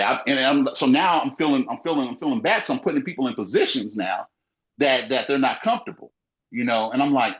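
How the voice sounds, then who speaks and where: A man's voice: medium pitch, brisk, a bit bright. A man who owns a small business talks in a casual podcast conversation, emphatic and repetitive, leaning on "you know,". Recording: muffled lo-fi audio.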